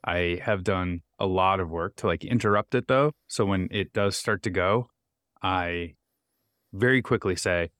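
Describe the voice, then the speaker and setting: A man with a notably low voice chatting on a podcast in an earnest, encouraging way, coaching himself out loud. The sound is dry and close-miked. He talks like a caring parent. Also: unhurried, no room sound. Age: adult parent. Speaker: podcast co-host. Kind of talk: casual conversational chat.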